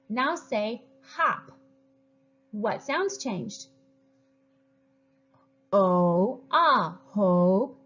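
A woman leads young children through a phonics lesson, drawing out each sound slowly and cheering them on. Her pace is unhurried and deliberate. The recording is muffled and lo-fi. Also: on the high side. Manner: slow, drawn-out sounding of words; upbeat, encouraging. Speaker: teacher. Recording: dull lo-fi recording.

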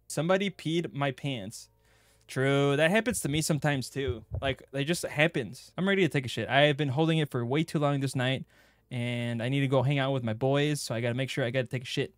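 A young man streaming a game playthrough, joking crudely and bursting into excited yelps. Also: medium pitch, moderate pace, no room sound, studio quality. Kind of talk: gaming playthrough commentary.

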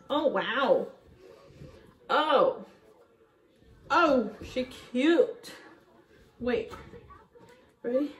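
A woman vlogging about her shopping finds, chatting casually to camera and gushing with excitement over each item. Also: sits high, extremely slow, pauses often, slightly rough.

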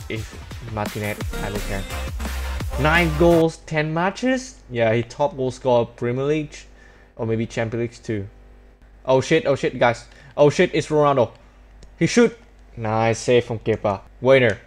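Excitable young man commentating his game. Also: mid-range voice. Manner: excitable, yells at goals and saves; non-native English grammar. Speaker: gaming YouTuber.

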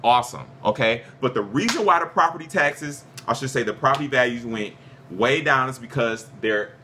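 A man's voice: medium pitch, expressive, normal speed, background noise. A man in a heated casual debate, defensive and swearing, cutting back in to make his point. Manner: defensive, swears, keeps saying he is done. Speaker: podcast co-host.

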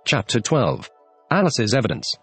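A man with a mid-range, slightly rough, sing-song voice reads a classic storybook at a normal speed, giving the characters their lines expressively. It's scripted audiobook narration on a dry close mic, with faint music behind.

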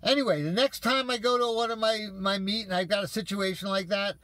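Guy ranting to the camera, swearing a lot, kinda high voice, dry sound. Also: fairly even intonation, a little fast, fairly bright tone, dry recording. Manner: profane, exasperated storytelling. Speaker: vlogger ranting to viewers. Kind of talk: casual comedic rant.

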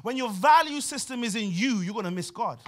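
A man preaching a sermon with a London accent, emphatic and repetitive, often dropping to quieter asides. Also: sits high, animated, a little fast. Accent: London English. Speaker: pastor.

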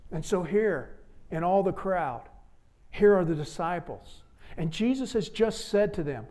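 Animated and measured in pace, a man with a fairly high voice preaches from the pulpit of a church sanctuary. His delivery is dramatic, moving between hushed, earnest appeals and loud exclamations.

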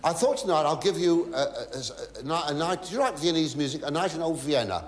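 A man's voice: on the high side, expressive, brisk, roomy sound, slight background noise. A male comedian telling a story on stage, stammering and muttering gossipy asides, then breaking into sudden shrieks and mock pleas to the audience. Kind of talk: stand-up storytelling to a live audience. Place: theatre stage. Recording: live theatre recording with audience laughter. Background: audience laughing.

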